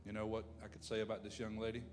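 Male pastor, impassioned sermon delivery, swings loud to low, reverberant church hall. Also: completely flat delivery, very fast. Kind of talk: sermon with prayer.

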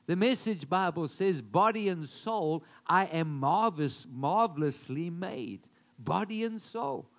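A man preaching a sermon, building loud emphatic declarations and dropping into quieter asides. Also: high voice, expressive, measured pace. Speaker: pastor.

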